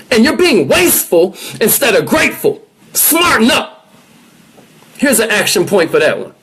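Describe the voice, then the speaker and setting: Energetic male motivational speaker, lively pitch. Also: slightly rough. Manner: energetic, emphatic, coaching listeners directly. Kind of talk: motivational talk.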